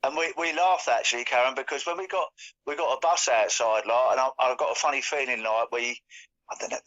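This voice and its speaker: A man's voice: medium pitch, a bit bright. A man chatting casually as co-host, rambling with lots of fillers and restarts. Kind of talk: casual chat. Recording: dull lo-fi audio.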